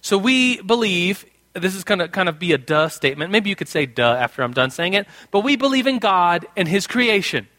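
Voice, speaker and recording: A man's voice: high-pitched, big pitch swings, fairly quick, bright, forceful tone. A man preaching to a live congregation in a casual, playful teaching tone with jokes. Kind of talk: conversational sermon. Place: in front of a live group in a room.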